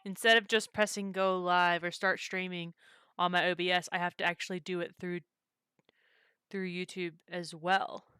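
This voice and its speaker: A woman's voice: lowish voice, flat delivery, moderate pace, pushed and bright, clean tone, no echo. A woman hosting a live stream, chatting casually and rambling with lots of fillers. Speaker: streamer and server host.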